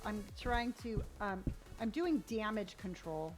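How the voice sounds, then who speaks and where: A woman's voice: mid-range voice, normal speed, faint music behind. A woman from Southern California streaming a game live, chatting upbeat and reading out viewers' comments.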